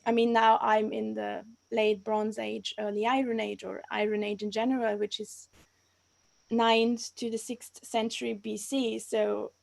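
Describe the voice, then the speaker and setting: A young woman in her twenties with an Austrian German accent, speaking English as a guest in a casual interview. Her voice sits on the higher side. She talks hesitantly, often restarting her sentences while searching for the right English word. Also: little pitch movement, unhurried, gravelly. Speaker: guest, archaeology master's student. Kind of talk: casual interview over a live stream.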